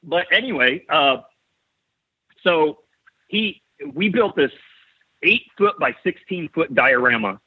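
Husky man on a tinny line. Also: fairly high pitch, expressive, takes it slowly, pauses often, dry recording. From Ohio, USA. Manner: eager storytelling with frequent restarts. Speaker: podcast guest, model builder. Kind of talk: casual interview chat. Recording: tinny phone-like call audio.

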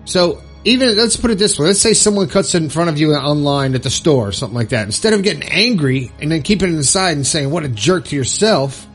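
Male self-help host, earnest and coaching, slightly high voice, light music bed. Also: expressive, quick pace, hardly any pauses, breathy edge. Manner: earnest, coaching, checks in with "okay?". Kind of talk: motivational advice talk.

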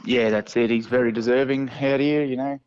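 A laid-back Australian man answers interview questions about desert racing in a modest, easygoing way. His voice sits at a middle pitch, and the recording sounds dull and lo-fi. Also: steady tone, fairly quick, darkish tone, a little hiss or hum. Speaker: guest, desert racer. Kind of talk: casual interview chat.

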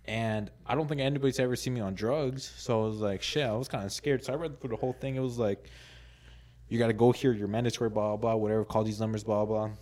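A man with a fairly low voice telling a long story on a casual podcast. He rambles, fills every gap with "like," and acts out what people said to him. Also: fairly even intonation, fast, a little mellow. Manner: rambling, many "like"s, laughs a lot, acts out quotes. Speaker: podcast co-host.

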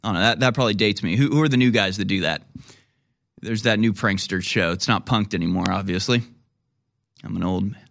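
A man's voice: on the low side, fairly quick, gravelly, a bit bright. A man hosting a commentary show, talking in a sarcastic, rambling, jokey way. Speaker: host.

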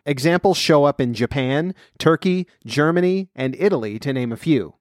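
A man's voice: a little high, expressive, normal speed, no room sound. Man reading fairy tales in a dry voice. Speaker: storyteller. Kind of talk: fairy-tale reading and folklore commentary.

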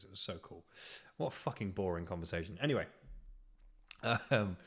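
A young man hosting a podcast, telling a comically petty story in a profane, ranting way. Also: low voice. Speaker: podcast host. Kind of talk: casual storytelling monologue.

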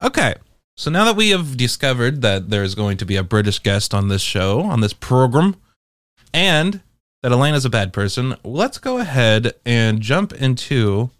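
A man's voice: medium pitch, very animated, normal speed, fairly bright tone, no echo, clean studio sound. A man giving casual, wry and profane commentary as he explores social game worlds.

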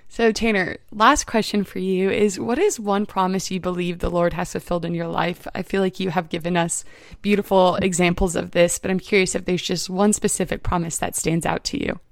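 A young woman hosts a faith conversation in a gentle, affirming tone, her voice low and edged with fry. The recording is dry and close, with no room sound. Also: fairly even intonation, a little fast, no echo. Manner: soft-spoken, gentle, affirming. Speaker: podcast host. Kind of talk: faith-based interview conversation.

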